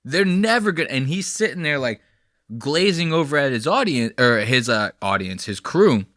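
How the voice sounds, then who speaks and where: A young man with a bright, forceful voice hosts a podcast and rants bluntly about clips he is watching. The sound is dry and close, with no room around him. He swears freely and keeps circling back to press his point. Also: medium pitch, animated, moderate pace, dry recording. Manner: blunt, profane, heated ranting. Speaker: podcast host. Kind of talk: casual commentary reacting to clips.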